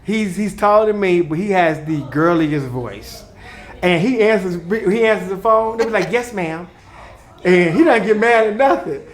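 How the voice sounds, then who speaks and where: Animated man chatting in an echoey room. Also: sits high, moderate pace. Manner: animated, laughs often, breaks into playful put-on voices. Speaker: podcast co-host, communications consultant. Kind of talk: casual podcast chat.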